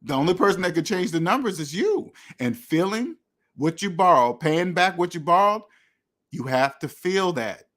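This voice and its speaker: Blunt, lecturing man, slightly high voice. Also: big pitch swings, moderate pace, fairly bright tone. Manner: blunt, repetitive, lecturing, with many restarts. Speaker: finance channel host. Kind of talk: direct-to-camera rant.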